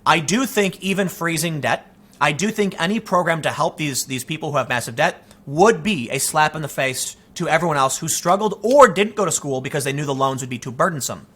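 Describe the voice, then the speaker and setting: Guy in his 30s doing a casual commentary rant, bright sharp voice, bit high, lots of quoted asides. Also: a little fast, slightly rough. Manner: animated, storytelling with quoted asides and restarts. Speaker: political commentator host. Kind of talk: casual opinion monologue.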